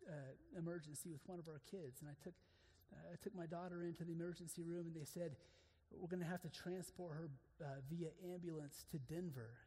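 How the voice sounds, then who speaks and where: A man preaching an earnest sermon to other men, moving between hushed, intimate passages and emphatic declarations. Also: fairly high pitch, steady tone, a little fast, few pauses, long reverb tail.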